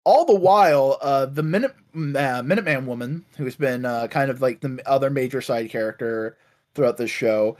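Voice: medium pitch, normal speed. A podcast co-host casually recapping an episode, acting out quotes with profanity. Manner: animated storytelling, acts out quotes, profane.

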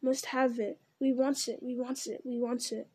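A woman's voice: high-pitched, little pitch movement, moderate pace, a little mellow, slightly rough. A woman voicing a wretched male creature who argues with himself in a whining, wheedling voice. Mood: greedy. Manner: whining, wheedling, hissing repetitions. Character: wretched creature, male, split into two bickering selves.

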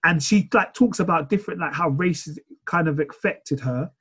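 A man talks on a podcast in a lively, rambling way. His voice is fairly high for a man and husky. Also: normal speed. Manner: animated, rambling retelling. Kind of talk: casual podcast chat.

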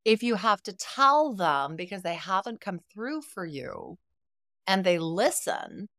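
Lively storytelling middle-aged woman. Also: lowish voice, no room sound, clean studio sound. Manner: expressive storyteller, acts out quoted dialogue. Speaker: guest, therapist. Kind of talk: podcast conversation.

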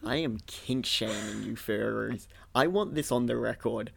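A young man with a gravelly, creaky voice, ranting playfully in casual chat. He laughs often and swears freely. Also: mid-range voice, a little slow, fairly bright tone. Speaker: podcast co-host. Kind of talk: casual film-review chat.

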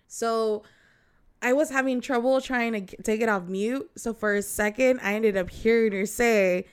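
Smooth-voiced young woman telling a story. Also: medium pitch, a little slow. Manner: animated storytelling, acts out quoted customers. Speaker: storyteller in casual conversation. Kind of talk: casual chat.

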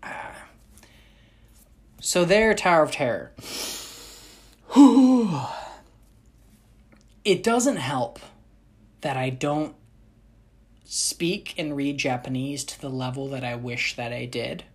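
Low-voiced young woman rambling to camera. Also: slow pace, long pauses, breathy edge. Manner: rambling, frequent restarts and self-corrections. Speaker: vlogger. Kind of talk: casual chat.

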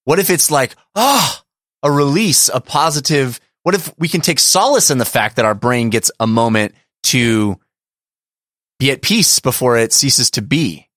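A man's voice: medium pitch, animated, normal speed, a bit bright, no room sound, studio quality. A man co-hosting a podcast, talking in a playful, joking way with frequent laughter. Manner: playful, jokey, laughs often. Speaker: podcast co-host. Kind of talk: casual chat.

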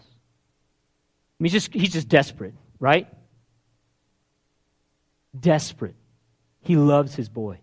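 A male preacher delivers a sermon with a lively, animated voice that sits a little high. He acts out the desperate pleas in the scripture, sinking to a near-whisper and then rising again. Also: slow, long pauses.

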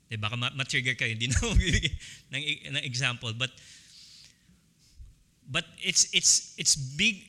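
Pastor guy preaching, kinda high voice, repeats lines for weight, long church echo. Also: pushed and bright. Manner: slow, emphatic, repeats phrases for stress. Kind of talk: sermon.

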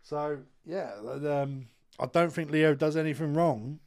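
A man in his thirties hosts a casual studio podcast. He talks in blunt, sweary, animated banter with a slightly high voice. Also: unhurried. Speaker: podcast host. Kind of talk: casual chat.

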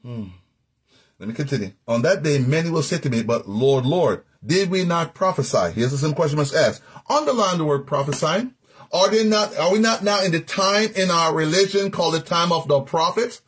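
A man preaching a sermon, teaching scripture in a folksy, animated way, breaking into laughs and sung-out phrases. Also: fairly high pitch, fairly quick, breathy edge.

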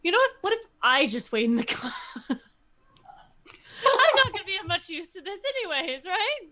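Very high, bright, jittery woman player. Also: big pitch swings, moderate pace. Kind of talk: playing a tabletop game, partly in character.

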